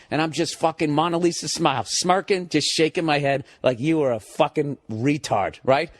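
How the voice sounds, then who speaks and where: A man telling a story as a stand-up comedian, profane and ranting, building up to loud outbursts. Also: a little high, moderate pace, hardly any pauses.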